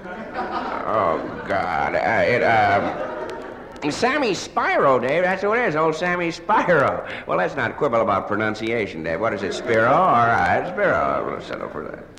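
A man's voice: fairly low pitch, very animated, moderate pace, a crowd in the background. Stammering hungover man, live hall. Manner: stammering, hesitant, full of uhs and restarts; sheepish and apologetic. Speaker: comedian. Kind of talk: one-sided comic phone monologue. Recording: live recording in a large echoing hall with ambient noise.

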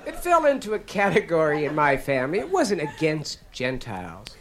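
A man in his thirties from Canada performing a stand-up comedy monologue, telling wry stories that build to sudden loud punchlines. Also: on the high side, huge pitch swings, moderate pace, a faint crowd. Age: 30s. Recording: noisy live comedy recording.

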